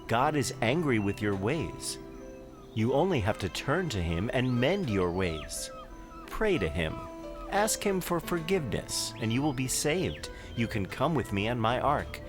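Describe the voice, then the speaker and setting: Man doing calm pious Noah for a kids' cartoon, earnest storybook read, lively pitch, music bed underneath. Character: calm pious male biblical patriarch. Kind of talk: scripted children's cartoon narration.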